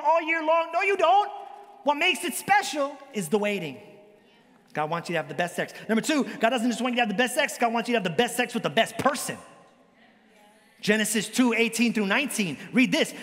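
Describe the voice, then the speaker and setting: A male pastor preaching a sermon in a lively, joking way, with big swings in pitch. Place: church hall. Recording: long church hall reverb.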